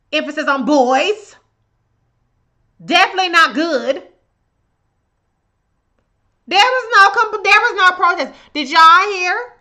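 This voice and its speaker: A woman's voice: extremely high pitch, bright, forceful tone. A woman hosting a live stream, greeting viewers by name and ranting with heavy profanity and open contempt. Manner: profane, fiery and contemptuous rant. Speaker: livestream host. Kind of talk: live political commentary.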